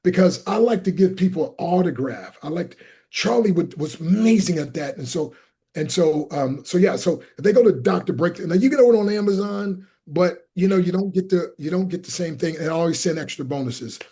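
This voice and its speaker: Guy from pennsylvania telling stories on a talk show, kinda high but mellow, husky, does all the voices. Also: brisk. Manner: animated, acts out quoted people with big pitch jumps. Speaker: guest, motivational speaker and evangelist. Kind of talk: storytelling in an interview.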